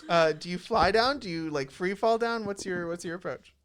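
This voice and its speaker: A man narrating as dungeon master in a relaxed, chatty way with many fillers. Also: high voice, normal speed, smooth. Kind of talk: narrating a tabletop game. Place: college radio studio.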